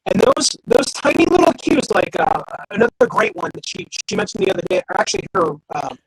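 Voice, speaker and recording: A man in his forties from Wisconsin, telling rambling, animated stories as a guest on a video call. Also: very high-pitched, fast, vocal fry, slight background noise, poor audio. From Wisconsin, USA. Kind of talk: casual chat.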